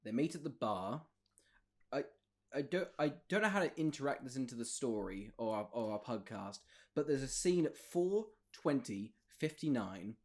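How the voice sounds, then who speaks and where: A man's voice: mid-range voice, sing-song, moderate pace. A man co-hosting a comedy podcast, rambling playfully through a film plot and laughing often. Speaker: podcast co-host. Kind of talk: casual comedic film recap.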